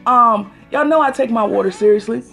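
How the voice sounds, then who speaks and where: Animated woman chatting on a phone livestream. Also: a little high, a little fast, creaky, music in the background. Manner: animated, exasperated storytelling; greets viewers by name mid-story. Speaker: livestream host. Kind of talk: casual livestream chat.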